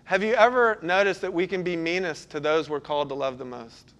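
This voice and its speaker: A middle-aged man, a pastor, preaching a sermon and telling stories, sometimes breaking into loud bursts. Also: fairly high pitch, fairly quick. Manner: storytelling, animated with sudden loud bursts.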